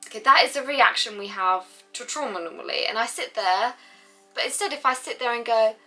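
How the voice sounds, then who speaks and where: A woman's voice: a little high, brisk, sharp tone, soft background music. A young woman talking casually to camera about her own life, chatty and full of "like", acting out her own reactions as she goes. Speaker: vlogger. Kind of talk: casual personal talk to camera.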